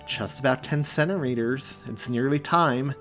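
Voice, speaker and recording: A man voicing a calm, steady police officer in an audiobook, speaking in a reassuring way. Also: mid-range voice, normal speed, soft background music, pitched above the performer's own voice, close to an everyday voice.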